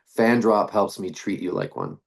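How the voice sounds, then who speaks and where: A man's voice: lowish voice, big pitch swings, normal speed, vocal fry. A middle-aged man, a band frontman, talking casually in an interview, rambling with restarts and fillers. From Canada.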